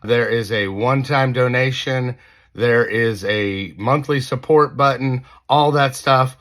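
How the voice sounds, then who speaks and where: A male podcast host speaks to his listeners in an easy, unhurried way. His appeal is casual and friendly. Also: mid-range voice, fairly bright tone.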